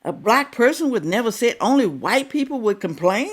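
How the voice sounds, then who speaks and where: A woman's voice: on the high side, big pitch swings, fairly quick. A middle-aged woman hosting a reaction video, giving casual commentary and firing rhetorical questions at her viewers.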